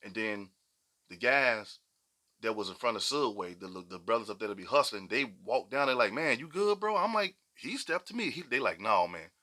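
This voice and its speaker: A man's voice: lowish voice, lively intonation, normal speed, pushed and bright. A middle-aged man, telling stories on a podcast in a slangy, emphatic way and repeating points for weight. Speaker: podcast co-host. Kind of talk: casual podcast storytelling.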